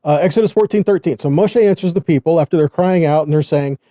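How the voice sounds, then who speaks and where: A man with a Southern US accent teaches from the Bible in an earnest, conversational way. His voice is fairly high for a man but very dark and mellow in tone, recorded close and dry. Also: fast talker, no room sound. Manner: earnest, addresses listeners as guys.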